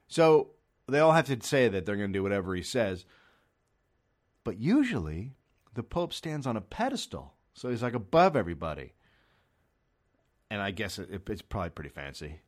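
A man's voice: on the low side, very animated, moderate pace, pauses often. A man from America doing a rambling, profane comedy monologue, sarcastic and acting out little voices. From United States.

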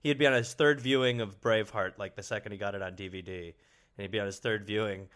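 A man's voice: lowish voice, steady tone, quick pace, fairly bright tone. A man in a casual comedy chat, teasing his co-host and telling a funny family story. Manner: teasing, storytelling, riffs on jokes.

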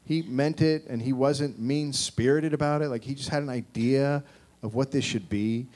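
A man in his forties doing a rambling, profane stand-up set, with shouted mocking impressions. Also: medium pitch, normal speed. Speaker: stand-up comedian. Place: comedy club stage with live audience.

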